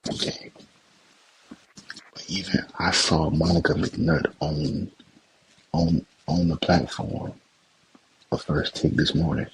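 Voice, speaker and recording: This is ranting sports talk from a young podcast host who repeats himself and starts swearing once he's worked up. His voice sits low and sounds creaky. The recording is rough, with slight background noise.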